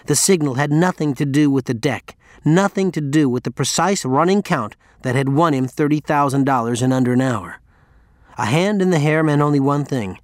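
A man reading a story aloud as a measured, tense narrator. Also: on the high side, lively intonation, no echo, studio quality. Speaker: audiobook narrator. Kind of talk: scripted narration.

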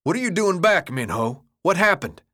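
A man's voice: lowish voice, normal speed, natural voice. A man doing a tense, commanding teen boy leader. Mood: alarmed. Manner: urgent, shouting, demanding.

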